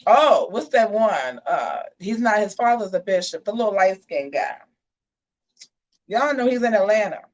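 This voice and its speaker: A woman hosting a casual live show. She tells a story in a sassy, animated way and keeps calling her viewers y'all. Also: medium pitch, moderate pace, lo-fi sound. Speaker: host of a live gossip and commentary show.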